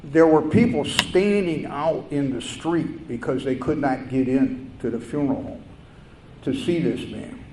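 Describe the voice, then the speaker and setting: An older man telling a personal story at a recovery meeting, halting and reflective, with fillers and restarts. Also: mid-range voice. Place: meeting hall. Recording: echoey room with faint noise.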